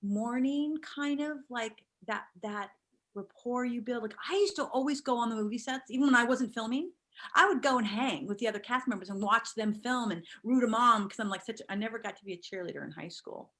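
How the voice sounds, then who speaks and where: A middle-aged woman, an actor as interview guest, chatting casually and telling animated stories. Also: a little high, fairly quick. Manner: animated storyteller, acts out quotes.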